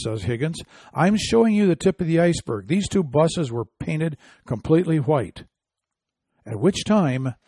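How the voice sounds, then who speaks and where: An indignant man hosting a commentary show, his voice pitched a little high for a man. He reads quotes aloud and scoffs at them. The recording is dry and close, with no room sound. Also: mellow, dry recording. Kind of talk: opinion commentary.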